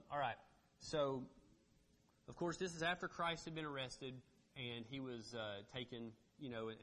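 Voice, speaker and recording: A man preaching a relaxed, conversational sermon, often repeating words and adding fillers as he reads scripture to his congregation. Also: medium pitch. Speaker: pastor.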